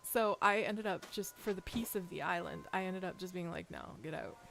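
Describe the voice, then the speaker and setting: Chatty woman streamer with a gravelly voice. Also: on the low side, moderate pace, fairly bright tone, slight background noise. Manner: chatty, rambling, laughs often. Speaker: game streamer. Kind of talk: casual chat while playing.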